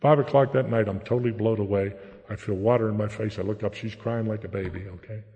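A man's voice: fairly low pitch, fairly even intonation, fast, dark tone. An older man from the Pittsburgh area giving a blunt, plain-spoken recovery testimony, often tagging his lines with "okay?". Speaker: recovery meeting speaker. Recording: echoey hall, dull lo-fi sound.

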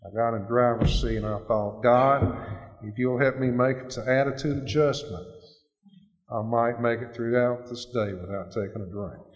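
A man's voice: mid-range voice, normal speed. A man giving an earnest, plain-spoken personal testimony at a recovery meeting. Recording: echoey hall, dull lo-fi sound.

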